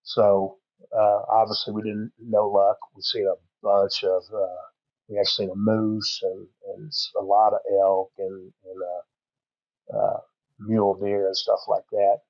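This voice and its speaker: A middle-aged man with a low voice tells a story in a rambling, folksy way, full of fillers. The recording is dry and a little dull, with no room sound. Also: monotone, measured pace, creaky, no echo. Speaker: podcast guest. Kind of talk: casual storytelling.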